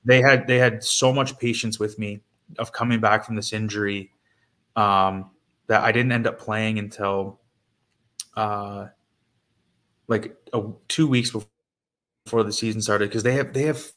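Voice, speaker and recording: A man's voice: on the low side, fairly even intonation, measured pace, long pauses, a bit bright. A man in his thirties, a former pro hockey player, telling stories casually in an interview with lots of fillers and restarts. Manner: rambling with many fillers and restarts.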